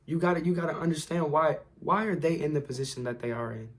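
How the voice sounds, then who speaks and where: Young guy hyping up his viewers, calls everyone bro, kinda high voice, going a bit hoarse. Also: quick pace. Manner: earnest, repetitive, slangy, calls listeners bro. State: losing his voice. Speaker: motivational vlogger. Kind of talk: casual motivational talk.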